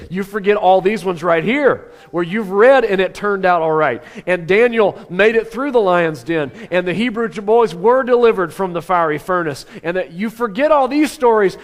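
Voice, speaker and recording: A man preaching a sermon as pastor, animated, swinging between loud exclamations and hushed asides. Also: high voice. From Oklahoma. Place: church sanctuary.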